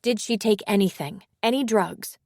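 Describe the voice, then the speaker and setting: A woman voicing a female emergency dispatcher who asks questions in a steady, methodical way. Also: mid-range voice, moderate pace, no echo, studio quality, voice pushed up, lightly acted.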